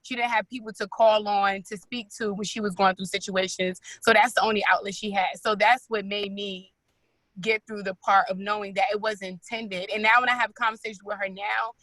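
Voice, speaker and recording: Woman podcast guest, reflective and measured, bright voice, dry recording. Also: mid-range voice, fairly even intonation, dry recording, low-quality recording. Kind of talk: reflective personal account.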